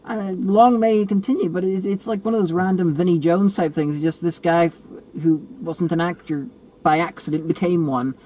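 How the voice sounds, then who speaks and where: A man in casual film review chat, rambling and animated, often restarting his sentences. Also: high-pitched, normal speed, low-quality recording. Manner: rambling, animated, self-correcting.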